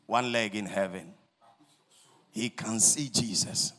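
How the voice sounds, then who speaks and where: A male preacher telling a story in a dramatic sermon, husky, swinging between shouts and whispers. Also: fairly low pitch, slow, pauses often, faint music behind.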